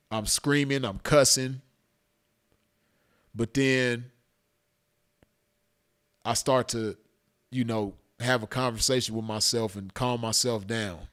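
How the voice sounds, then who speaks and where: A man casually telling a personal story to his viewers, slangy and cursing freely, laughing at his own tale. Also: medium pitch. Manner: laid-back, slangy, cursing, breaks into laughter.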